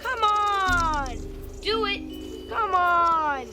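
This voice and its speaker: Man putting on a shrill jeering bully. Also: lively intonation, extremely slow, exaggerated voice. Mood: taunting. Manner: shrill taunting shouts. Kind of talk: animated comedy voice acting. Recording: music loud behind.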